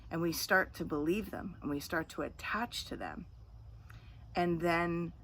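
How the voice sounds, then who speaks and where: A middle-aged woman with a notably low voice gives a calm, earnest self-help talk as a coach, circling back over her points. Faint background ambience sits under her voice. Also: slight background noise.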